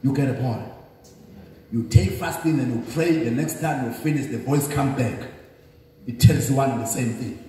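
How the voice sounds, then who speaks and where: A man's voice: medium pitch, normal speed, dark tone. A man preaching as a bishop, delivering an emphatic sermon that keeps checking in with the congregation. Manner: emphatic, repetitive call-and-response preaching. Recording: echoey hall, distant mic.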